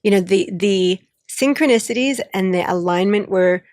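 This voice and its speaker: A woman co-hosting a podcast, telling a story in an animated way, acting out the dialogue and laughing often. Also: mid-range voice, normal speed, no echo, studio quality. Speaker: podcast co-host. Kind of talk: casual chat, storytelling.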